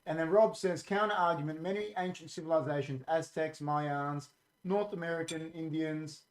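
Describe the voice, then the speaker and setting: A man's voice: a little high, normal speed. An Australian man hosting a casual podcast, chatty and opinionated, reading out comments from a live chat. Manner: talks while eating, chatty and opinionated. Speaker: podcast host.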